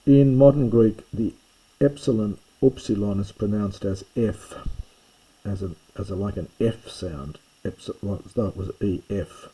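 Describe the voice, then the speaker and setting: A man's voice: lowish voice, measured pace, mellow, breathy edge, poor audio. A man teaching a recorded lesson on the Greek alphabet, explaining in a loose way and often correcting himself as he goes. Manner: loose, self-correcting explanations with fillers and restarts. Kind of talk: recorded lecture on Greek pronunciation.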